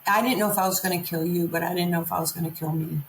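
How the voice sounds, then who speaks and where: Woman from queens telling stories on a podcast, lowish voice, roomy echo. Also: steady tone, very fast, a little hiss or hum. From Queens, New York. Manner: vivid storyteller, acts out quoted lines. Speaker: guest. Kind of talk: candid storytelling interview.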